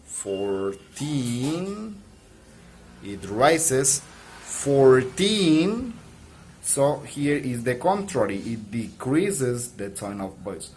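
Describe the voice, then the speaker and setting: Slow, patient male English teacher. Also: mid-range voice, animated, a little hiss or hum. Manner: slow, patient explaining with many restarts. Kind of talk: recorded video lesson.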